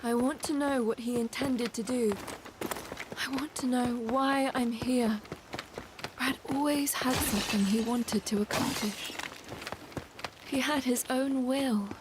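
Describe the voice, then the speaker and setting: A woman voicing a young game heroine who speaks softly, almost in a whisper, about wanting to understand having a heart. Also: sits high, steady tone, unhurried, long pauses, background noise. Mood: yearning. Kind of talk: game dialogue.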